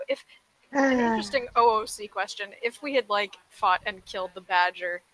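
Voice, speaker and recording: A woman's voice: mid-range voice, normal speed, a bit bright, rough recording. A woman playing in a tabletop role-playing game, chatting casually with joking asides. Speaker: player. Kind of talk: casual chat at a gaming table.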